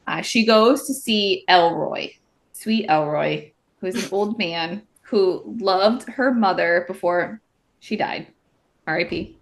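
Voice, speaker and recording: A woman's voice: lowish voice, slow pace, creaky. A young woman co-hosting a book podcast, chatting casually and animatedly, acting out characters' lines as she recaps. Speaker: podcast co-host.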